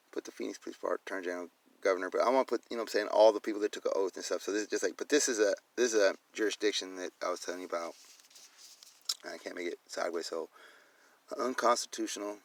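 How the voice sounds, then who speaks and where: A man ranting casually on a livestream, swearing constantly, then slowly reading legal text aloud. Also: low-pitched, vocal fry, rough recording. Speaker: video maker showing his documents. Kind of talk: casual profane livestream rant.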